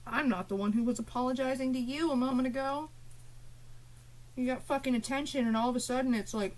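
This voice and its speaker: A woman with a fairly high voice goes off at her chat during a live stream. She is profane and combative, with cutting sarcasm. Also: fairly even intonation, fairly quick, darkish tone, low-quality recording.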